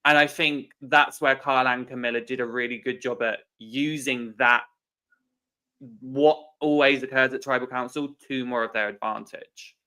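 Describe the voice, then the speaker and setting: A man talking casually on a podcast in a middle-pitched voice. He starts, stops and restarts his sentences as he works toward a point. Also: steady tone, bright, forceful tone, clean tone. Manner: halting, trips over words. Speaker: podcast co-host. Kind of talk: casual chat.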